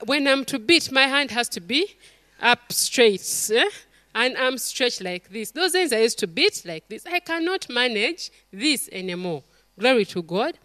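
A woman's voice: a little high, no room sound. A middle-aged woman, preaching a sermon to a congregation and acting out stories and quotes. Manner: animated storytelling, acts out quotes, calls to the congregation.

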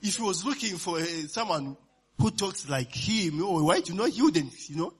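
A high-pitched, husky man preaches in a sermon style. His pitch swings widely as he checks in with his listeners and chuckles between points. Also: very animated, moderate pace. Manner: call-and-response asides, often asks "you understand?" and "eh?", laughs while preaching.

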